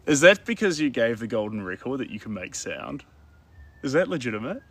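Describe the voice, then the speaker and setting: A man's voice: mid-range voice, very animated, fairly quick, a bit bright, no echo, far from the mic. A man with a New Zealand accent chatting casually to viewers on a live stream from outdoors in a gorge. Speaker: art streamer.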